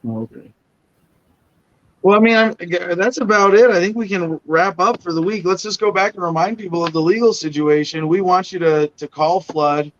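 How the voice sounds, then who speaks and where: A high-pitched male host speaks at a moderate pace on a casual livestream, meandering and hedging his remarks. The muffled, lo-fi stream audio carries a faint hiss or hum.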